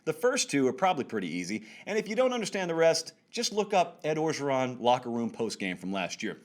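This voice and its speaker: Animated wry male sports talk host. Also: medium pitch, a little fast. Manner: wry and sarcastic, emphatic rises. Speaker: show host.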